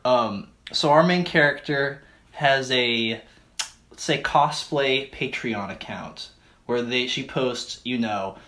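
Slowly and with a slightly bright, mid-pitched voice, a podcast co-host riffs comedically on a fictional movie plot. His words blur together a little, and he rambles, laughs through lines, and drops into silly voices for the characters.

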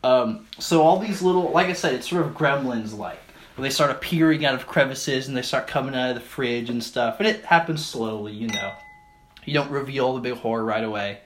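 Guy on a comedy podcast rambling out a fake movie pitch, kinda slurry, mid-pitched voice, cracks himself up. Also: fairly quick, fairly bright tone, a little hiss or hum. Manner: rambling, laughing through lines, slips into silly character voices; slightly slurred speech. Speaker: podcast co-host. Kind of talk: comedic riffing on a made-up movie plot.

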